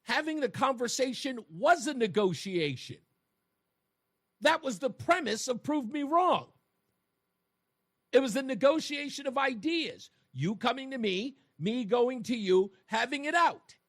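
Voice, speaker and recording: A male talk radio host speaks into a studio microphone in a high voice that swings widely in pitch. He drives his points home emphatically and keeps firing rhetorical questions at his audience. The sound is close and dry. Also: animated, unhurried, a bit bright, dry recording. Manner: emphatic, rhetorical, addresses listeners directly.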